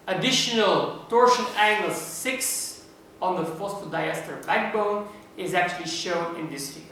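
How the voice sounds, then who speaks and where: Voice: mid-range voice, fairly bright tone, a little hiss or hum. Lecturer, university lecture, step-by-step explaining, rhetorical questions, very echoey hall, distant mic.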